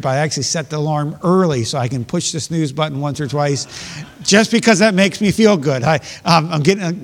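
Male pastor, earnest, emphatic preaching; slightly high voice, echoing hall. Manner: earnest, builds to raised emphatic peaks. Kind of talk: sermon.

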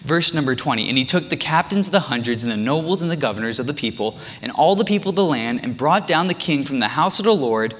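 Animated man preaching in a reverberant hall. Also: medium pitch, fast talker, few pauses, slight background noise. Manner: animated storytelling, acting out quotes. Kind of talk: sermon.

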